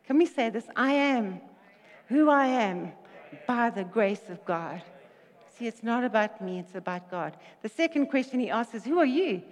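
A woman delivers a lively sermon, retelling a story with jokes and quick asides. Her voice sits high, and a long reverb trails behind it from a large hall. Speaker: preacher.

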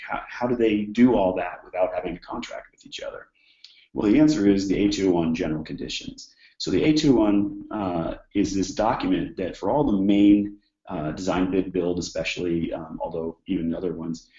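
Male instructor with a cold, very low and husky-sounding, talks loosely with lots of fillers; roomy, dull sound. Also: mellow. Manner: conversational, many fillers and restarts. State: hoarse from a cold. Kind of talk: informal exam-prep lecture.

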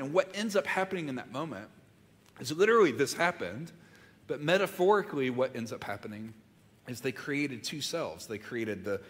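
A man preaching a conversational sermon, swinging from loud, animated moments to hushed near-whispers. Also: medium pitch. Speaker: pastor. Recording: long hall reverb.

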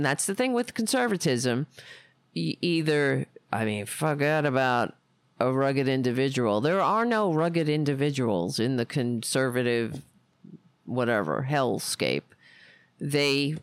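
A woman's voice: low-pitched, gravelly, no echo. A woman hosting a casual political commentary stream, indignant and profane, rambling with frequent restarts. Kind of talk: casual political rant livestream.

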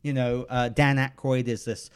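A man hosts a chat about movies, talking through plots in an easy, relaxed way. His voice sits at a middle pitch, neither high nor low. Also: moderate pace, clear, resonant tone. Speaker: podcast host.

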